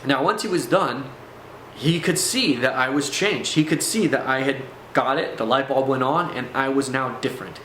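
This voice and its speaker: A man's voice: mid-range voice, normal speed, fairly bright tone, a little hiss or hum. Earnest man telling his testimony. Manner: earnest, intense, with restarts and fillers. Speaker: vlogger telling a personal testimony. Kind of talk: earnest personal storytelling. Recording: echoey room.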